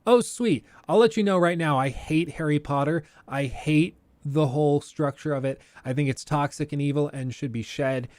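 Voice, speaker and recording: A man hosting a gaming livestream, giving casual, opinionated commentary with animated outbursts into a close desk mic. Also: a little high, moderate pace, few pauses, dry recording.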